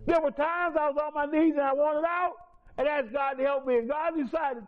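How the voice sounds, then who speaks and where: A man giving a personal testimony in a lively, colloquial storytelling way, with many restarts. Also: very high-pitched, a little fast, muffled recording. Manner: colloquial, repetitive restarts, chuckles through the story.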